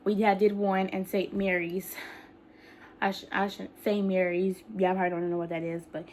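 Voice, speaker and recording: A woman's voice: mid-range voice, level tone, normal speed, darkish tone, slight background noise. Breathless young woman vlogging. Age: young adult. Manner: rambling, many fillers, colloquial speech. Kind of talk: casual talk to camera.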